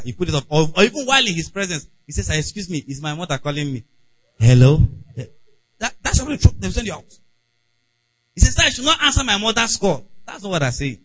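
A man's voice: a little high, dry recording, poor audio. A man preaching a conversational sermon and acting out little everyday scenes. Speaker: pastor.

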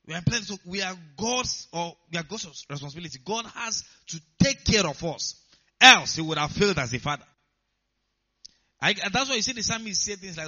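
Man preaching with a high, sharp tone, punching up key lines; muffled lo-fi audio. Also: lively intonation, fast. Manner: rising to emphatic bursts, asks the congregation questions. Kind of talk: sermon. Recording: dull lo-fi sound.

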